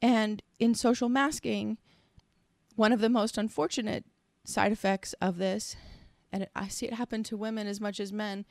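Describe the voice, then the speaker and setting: Earnest woman chatting on a podcast, bit of vocal fry, dry close sound. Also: medium pitch, steady tone, normal speed, darkish tone, no echo. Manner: earnest and reflective, speaks in long searching sentences. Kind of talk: casual conversation.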